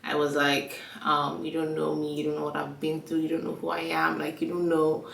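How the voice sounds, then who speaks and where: A young woman vlogs in a casual, chatty way, filling her talk with fillers and acting out quoted dialogue. Her deep, slightly bright voice is monotone with vocal fry, and she has a stuffy nose and a frog in her throat. She speaks at a moderate pace, sitting away from the mic in an echoey room.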